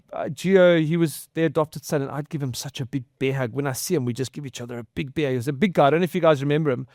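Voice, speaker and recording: A man preaches a conversational sermon, his voice sitting high for a man. He talks in an earnest, halting way, stumbling over and repeating words as he goes. The sound is dry, with no room echo. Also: a little mellow. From outside the US. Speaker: pastor.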